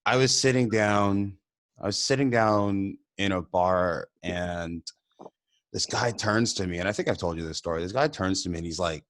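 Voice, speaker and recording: A man, an immigrant, co-hosting a podcast and telling a personal story in casual conversation, animated and often laughing. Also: sits low, moderate pace. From immigrant to the country. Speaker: podcast co-host.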